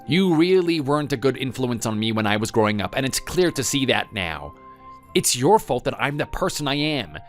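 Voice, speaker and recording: A man's voice: mid-range voice, sing-song, normal speed, faint music behind, close to an everyday voice. An actor playing a resentful grown son in a scripted text-story drama, defensive and accusing toward his mother.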